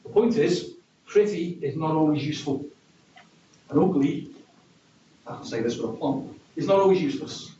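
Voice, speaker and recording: A man's voice: fairly high pitch, animated, moderate pace, pauses often, mellow, slight background noise. A man giving a conference presentation in a wry, conversational, self-deprecating way. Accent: regional accent. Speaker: conference speaker. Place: conference hall. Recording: distant, dull, echoey hall recording.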